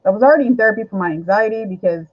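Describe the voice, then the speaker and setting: A woman's voice: mid-range voice, very fast. Middle-aged woman, talk show guest, candid rambling storyteller, dull lo-fi audio.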